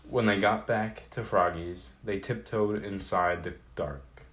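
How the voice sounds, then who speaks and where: A man reads a children's picture book aloud in a very low voice. He takes his time, slow and deliberate, with an even, steady storyteller's pace. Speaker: storybook narrator.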